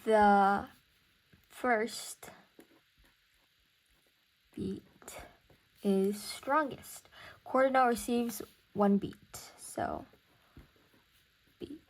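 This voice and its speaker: A woman's voice: medium pitch, very slow, long pauses. A young woman teaching music theory in a casual recorded lesson, thinking aloud and counting beats.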